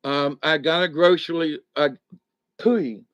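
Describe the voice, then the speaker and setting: A man's voice: a little high, steady tone, measured pace, fairly bright tone, no echo, lo-fi sound. A middle-aged man, recovering at home from back surgery, chatting casually and rambling to his viewers. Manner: rambling, folksy, chuckles between thoughts. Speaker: vlogger talking to viewers. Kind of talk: casual live chat to viewers. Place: home, indoors.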